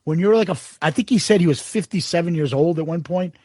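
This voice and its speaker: A man co-hosting a podcast, telling stories in an animated, profane way and acting out what people said. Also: on the high side, fast talker, dry recording, clean studio sound. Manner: swearing, animated storytelling with quoted voices. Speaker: podcast co-host. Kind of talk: casual chat.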